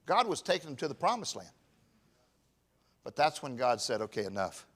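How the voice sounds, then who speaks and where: A pastor in his fifties preaching a sermon, swinging from shouted emphasis to quiet, personal confession. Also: fairly high pitch, big pitch swings, moderate pace, husky. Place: church.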